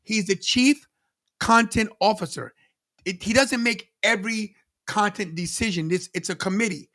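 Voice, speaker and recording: A man co-hosting a live wrestling watch-along podcast, animated and laughing often, talking straight to the chat. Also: high-pitched, moderate pace. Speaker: podcast co-host.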